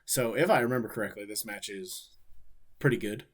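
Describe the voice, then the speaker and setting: Laid-back man, low voice. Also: a little fast. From Ohio, USA. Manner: laid-back, rambling, swears freely. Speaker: wrestler streaming and watching his matches. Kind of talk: casual livestream chat.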